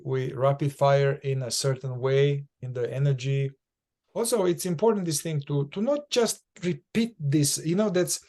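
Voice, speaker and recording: Guy with a higher voice, first language romanian, animated, acts out little examples, lots of restarts. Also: normal speed. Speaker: inquiry facilitator. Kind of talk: casual podcast teaching.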